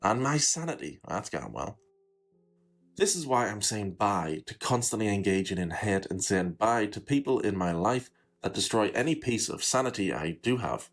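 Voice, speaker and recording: A sarcastic man talks casually, his voice sitting fairly low. His pitch rises and falls a lot, and he delivers his jokes dryly. Faint music plays behind him. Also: very animated, normal speed. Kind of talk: casual reaction commentary.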